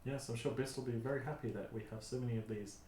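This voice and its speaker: A man's voice: mid-range voice, steady tone, quick pace, dark tone, slight background noise. A man playing a tabletop game, making dry jokes in casual chat. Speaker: player. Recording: echoey room.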